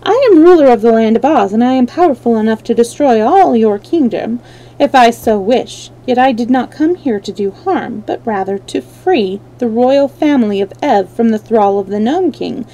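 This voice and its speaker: A woman voicing a calm, gentle young girl queen who speaks quietly and firmly. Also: on the high side, moderate pace, poor audio. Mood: composed. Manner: quiet, composed and firm.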